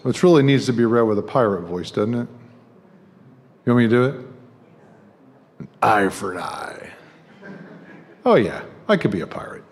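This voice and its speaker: Speaking quickly with big pitch swings, this middle-aged man has a medium-pitched, darkish voice. He's the guest speaker at a church sanctuary, preaching conversationally and joking with the congregation, and the recording carries long hall reverb.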